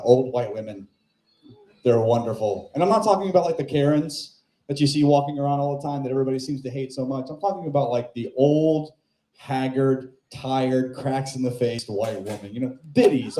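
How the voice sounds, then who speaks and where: A man's voice: medium pitch, lively intonation, moderate pace, mellow. A male stand-up comic telling a rambling, self-mocking story on a club stage into a handheld mic. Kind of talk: stand-up set and chat. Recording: echoey club room.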